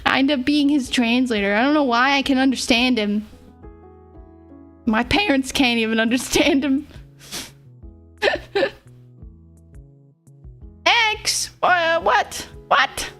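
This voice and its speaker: With a high-pitched, lively voice, she talks a little slowly and pauses often. The young streamer chats casually, rambling, giggling, and mumbling somewhat, with self-deprecating humor and faint music audible behind her.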